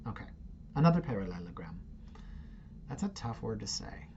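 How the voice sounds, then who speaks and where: A man's voice: on the low side, very animated, moderate pace, a little mellow, lo-fi sound. A middle-aged man, hosting a casual, opinionated commentary on real estate listings with sarcastic, muttered asides. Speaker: real estate agent host.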